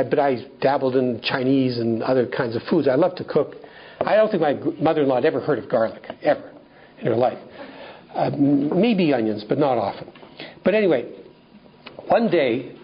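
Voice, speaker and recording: A man from Canada speaking at a recovery workshop, telling a personal story in an animated way with many restarts. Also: medium pitch, slight background noise. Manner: animated, acts out dialogue, frequent restarts. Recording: dull lo-fi recording.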